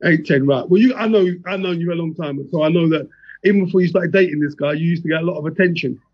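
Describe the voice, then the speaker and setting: A man's voice: a little high, fast, husky. Teasing male host on a muffled video call. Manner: teasing, blunt questions with many restarts. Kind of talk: casual group discussion on a video call.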